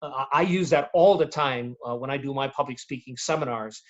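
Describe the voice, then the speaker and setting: A man speaking as a guest on a video-call webinar, giving practical tips in an animated way, acting out examples as he goes. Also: medium pitch, a little fast, muffled recording. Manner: animated, demonstrates tones and voices while explaining. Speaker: guest speaker on presentation skills. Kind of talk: webinar interview answers.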